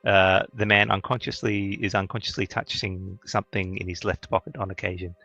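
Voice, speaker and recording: Man, game master; low-ish, hesitant narration, dry close sound, soft music under it. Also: fairly even intonation, vocal fry, no echo, lo-fi sound. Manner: halting, many fillers and restarts.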